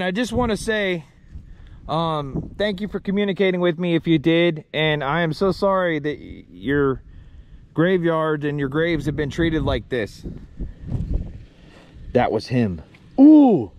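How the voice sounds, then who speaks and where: A man hosting a paranormal vlog, talking in a hushed, halting, emotional way at a cemetery. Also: on the high side. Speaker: paranormal vlogger host. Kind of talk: casual ghost-hunting vlog commentary. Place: outdoors and in a car at a cemetery.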